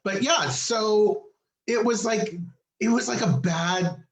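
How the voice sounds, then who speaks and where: A fairly high-voiced man tells a story in a loose, chatty way, mimicking everyone he quotes with sudden leaps in pitch. The recording has a noticeable roomy echo around him. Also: slow. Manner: animated, acts out quoted people with big pitch jumps. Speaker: podcast co-host. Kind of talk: casual storytelling chat. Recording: echoey room.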